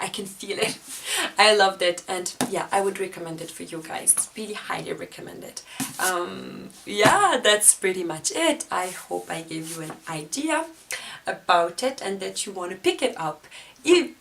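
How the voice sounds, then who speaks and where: A woman's voice: medium pitch, fairly bright tone, slight background noise. A woman reviewing a book in a casual vlog, chatty and enthusiastic, often laughing as she talks. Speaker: book vlogger.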